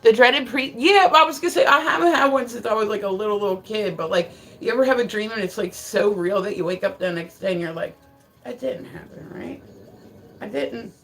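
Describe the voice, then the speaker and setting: A woman's voice: medium pitch, quick pace, hardly any pauses, fairly bright tone, faint music behind, poor audio. Profane, laughing woman livestreamer. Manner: profane, rambling storyteller; laughs often mid-sentence. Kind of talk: casual livestream chat.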